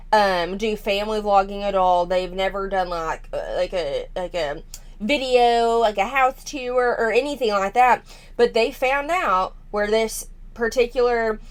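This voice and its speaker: A woman hosting a commentary channel, reacting to a family vlog in a frank, unpolished way with lots of fillers. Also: medium pitch.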